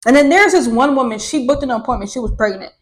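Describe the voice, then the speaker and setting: A young woman vlogger telling her own life story to camera in a candid, profane, animated way. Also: high-pitched, quick pace, rough recording. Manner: candid and profane, swears freely; animated, with laughter.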